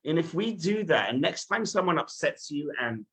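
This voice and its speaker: A husky, bright-toned rabbi who gives a sermon in an animated, storytelling way. His voice sits a little higher than most men's, and he keeps turning to his listeners. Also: moderate pace.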